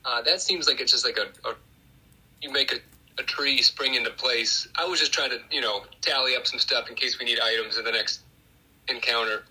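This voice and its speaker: A man with a bright, husky voice talks at a tabletop game. He thinks aloud and hesitates, often trailing off and starting over. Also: mid-range voice, a little fast, poor audio. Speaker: player. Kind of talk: casual chat at a game table.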